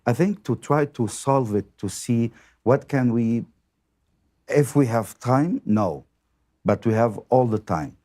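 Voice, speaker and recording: A man who is a priest, speaking in a podcast chat in a measured way, with many "uh" fillers. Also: mid-range voice, animated, mellow. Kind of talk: casual chat.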